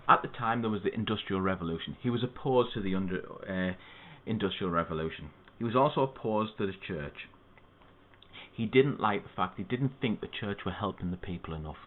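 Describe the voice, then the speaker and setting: A man tutoring students through a poem, explaining it in a steady, methodical way. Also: on the low side, a little fast, slight background noise. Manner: steady, methodical teaching with spoken asides. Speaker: English literature tutor. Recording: tinny phone-like audio.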